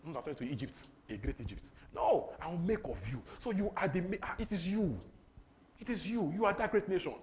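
A young Nigerian man preaching with a Nigerian English accent, his pitch leaping up and down as he drives each point home. His voice sits fairly high for a man. He repeats phrases and slips into pidgin. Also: fast talker, slight background noise. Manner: animated, repetitive, breaks into laughter and pidgin. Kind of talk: sermon.

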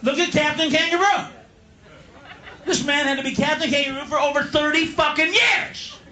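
A man doing a live stand-up routine, ranting and swearing, slipping into gruff low voices for his characters. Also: moderate pace, pushed and bright. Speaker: stand-up comedian. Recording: echoey live club with crowd noise. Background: audience laughter.

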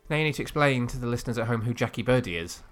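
A man co-hosting a casual comic book podcast, chatty and teasing, often laughing. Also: mid-range voice. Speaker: podcast co-host.

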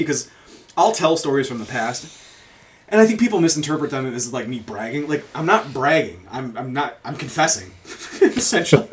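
A man's voice: on the high side, a bit bright, a little hiss or hum. A man hosting a podcast, chatting casually and rambling through stories with frequent swearing and laughter. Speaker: podcast host. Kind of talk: casual chat.

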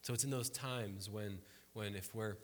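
A man's voice: fairly low pitch, fairly even intonation, unhurried, a little hiss or hum. A man preaching a conversational sermon to a congregation, often checking in with the room and acting out quoted voices. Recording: long hall reverb.

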